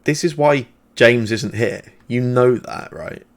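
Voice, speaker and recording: A man voicing a watchful woman ally who speaks in a measured, quietly reproachful way. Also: mid-range voice.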